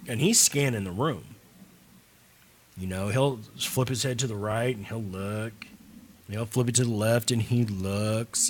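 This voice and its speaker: A man co-hosting a radio chat, talking in a relaxed, rambling way. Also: fairly low pitch, slight background noise. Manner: relaxed, rambling, lots of fillers. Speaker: radio show co-host. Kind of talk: casual chat.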